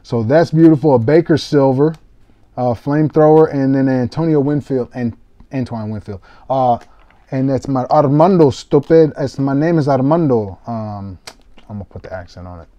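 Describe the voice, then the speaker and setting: Excitable swearing man, mellow voice. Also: mid-range voice, normal speed, no room sound, muffled recording. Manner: excitable, self-mocking, swears casually. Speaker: card break streamer. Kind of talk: casual live-stream commentary.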